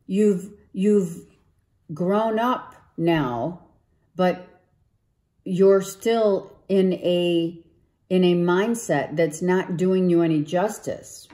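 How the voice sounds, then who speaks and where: A woman reads tarot cards in a slow, unhurried monologue. Her voice is low and mellow and a little hoarse, as if she is losing it. The room around her is echoey. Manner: slow, coaxing, often asks okay and right. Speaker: tarot reader. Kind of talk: spiritual tarot reading monologue.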